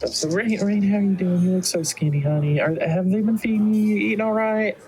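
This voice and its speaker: A man voicing a doting elven mother who squeals and fusses in a high Southern drawl. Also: fairly quick, warm tone, lightly acted, low-quality recording. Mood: bossy.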